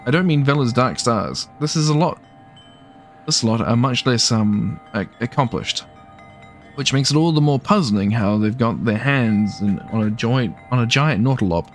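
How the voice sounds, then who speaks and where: A man's voice: mid-range voice, expressive, normal speed, faint music behind, lightly acted. A man voicing an anxious, flustered older female village mayor in a game, fretful and stammering.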